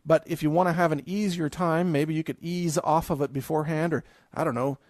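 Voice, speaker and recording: Male seminar speaker, slightly high pitch, emphatic and chatty with chuckles, dry booth sound. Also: fairly even intonation, fairly quick, a little mellow, no room sound. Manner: chatty and emphatic, with a chuckle, many restarts and fillers. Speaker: podcast host. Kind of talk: recorded audio seminar.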